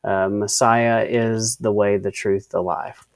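A man's voice: lowish voice, little pitch movement, slow pace, clear, resonant tone, no echo. A man co-hosting a casual Bible-study discussion, often restarting his sentences and reading out word definitions. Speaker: co-host of a faith discussion.

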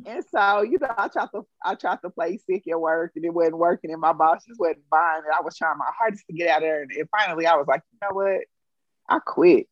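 A woman telling a personal story in a casual, animated way and acting out the quotes. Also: on the low side, fast talker, hardly any pauses, no room sound, lo-fi sound. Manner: animated, acts out quotes, emotional.

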